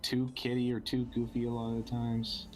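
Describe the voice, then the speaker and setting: A man's voice: mid-range voice, completely flat delivery, normal speed, a little mellow, slight background noise, rough recording. A man co-hosting a gaming stream, laid-back and joking in casual chat. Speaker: stream co-host.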